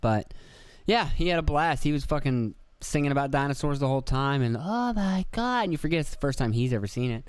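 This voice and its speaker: Profane rambling man, smooth dry voice. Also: mid-range voice, fast, no room sound. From Pennsylvania. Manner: profane, rambling storyteller who acts out quoted voices. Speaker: podcast host. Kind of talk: casual rambling monologue.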